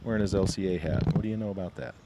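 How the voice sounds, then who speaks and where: A man doing chatty play-by-play commentary at an outdoor archery tournament, calling out scores with quick asides. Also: sits low, very noisy. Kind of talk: casual sports commentary.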